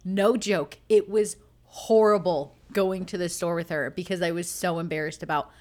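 A young adult woman co-hosting a podcast in casual chat. She tells stories animatedly, and her voice jumps up whenever she quotes someone. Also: normal speed. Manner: animated storyteller, jumps high for quoted lines. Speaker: podcast co-host. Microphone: headphones and studio microphone.

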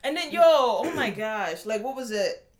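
Expressive woman in casual chat. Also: fairly high pitch. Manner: expressive, quick reactions, swears freely.

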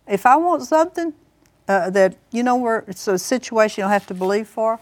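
A woman's voice: on the high side, lively intonation, moderate pace, dry recording. A woman co-hosting a Christian broadcast, teaching on faith in a plain, firm manner with short affirming remarks. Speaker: minister, co-host. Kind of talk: Bible teaching in casual studio chat.

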